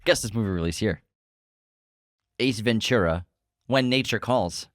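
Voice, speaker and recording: A man's voice: on the low side, a little slow, no room sound, clean studio sound. A man co-hosting a podcast, a playful quizmaster who laughs often in casual chat. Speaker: podcast co-host.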